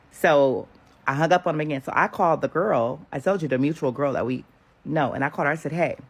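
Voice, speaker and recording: A woman in her thirties tells a story in a sassy, casual storytime way, acting out the quotes as she goes. Her voice is husky and gravelly. Her pitch swings widely from line to line.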